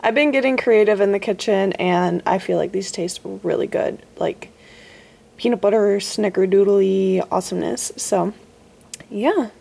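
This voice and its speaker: A woman's voice: medium pitch, unhurried, vocal fry, warm tone, roomy sound, slight background noise. A woman in her twenties chatting casually for her vlog, upbeat and rambling, with a groggy morning voice, in an empty room with a bare floor. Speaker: fitness vlogger.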